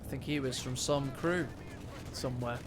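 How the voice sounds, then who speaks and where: A man's voice: mid-range voice, steady tone, moderate pace, background noise. A man casting a strategy game, giving casual play-by-play commentary with cheeky joking asides. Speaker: game caster. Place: at home late at night.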